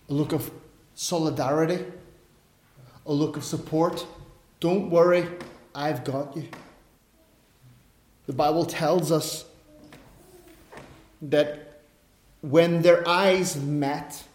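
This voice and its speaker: A man preaching a sermon, telling the story in an animated way that swings from quiet asides to loud bursts. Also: a little high, takes it slowly, pauses often. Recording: echoey room.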